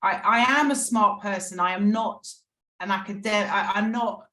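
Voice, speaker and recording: A woman's voice: mid-range voice, normal speed, pushed and bright. A middle-aged woman, a podcast guest telling her recovery story in an earnest, emotional way. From England. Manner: earnest, emotional, frequent restarts. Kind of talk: candid personal recovery story. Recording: echoey room.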